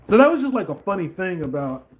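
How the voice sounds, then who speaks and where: A man's voice: high-pitched, big pitch swings, quick pace, muffled recording. A man hosting a casual political commentary vlog, talking in a rambling, conversational way with lots of fillers. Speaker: channel host.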